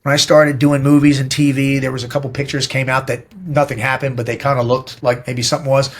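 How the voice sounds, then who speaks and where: A middle-aged man speaks as a podcast guest, blunt and emphatic, with plenty of swearing. He tells stories in a direct, forceful way. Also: mid-range voice, flat delivery, fast. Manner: blunt, profane, emphatic storytelling. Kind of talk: casual interview talk.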